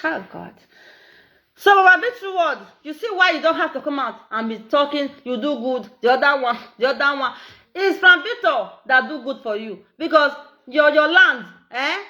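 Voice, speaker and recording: A middle-aged Nigerian woman with an Edo accent, talking in a casual, animated, repetitive way and laughing often. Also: sits high, moderate pace, highs cut off. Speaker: social media live streamer. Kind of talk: casual monologue in Pidgin and Edo.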